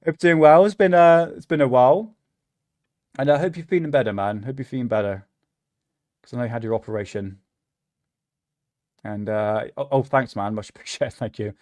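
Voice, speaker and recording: A man's voice: medium pitch, a little fast, long pauses, darkish tone, dry recording. A man with a British accent hosting a casual livestream, rambling, swearing often and laughing at himself. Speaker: livestream host.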